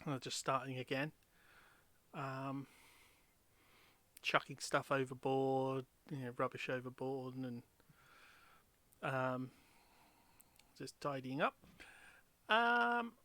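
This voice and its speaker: A man narrating a tabletop game as game master, pausing often with ums as he describes scenes. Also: medium pitch, sharp tone, dry recording. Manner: hesitant, many ums while describing scenes.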